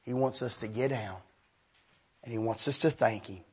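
A man preaching a sermon, telling a story and then leading the room in hushed prayer. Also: medium pitch, normal speed, breathy edge.

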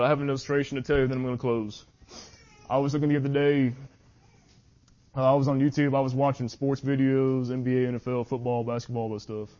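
A man preaching at a youth meeting, reading scripture slowly and earnestly, sometimes tripping over his words. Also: medium pitch, level tone, dark tone. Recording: muffled lo-fi audio.

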